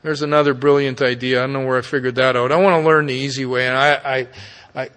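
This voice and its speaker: A man's voice: mid-range voice, little pitch movement, quick pace, a bit bright. A middle-aged man, giving a candid, profane personal recovery talk with folksy tag questions. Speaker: speaker at a recovery meeting. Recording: long reverb of a meeting hall.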